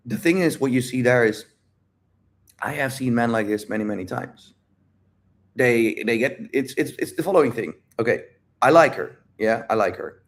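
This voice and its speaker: Brief: male dating coach, mid-pitched, blunt and animated casual livestream delivery. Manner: blunt, animated, repeats phrases, swears freely. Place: home livestream.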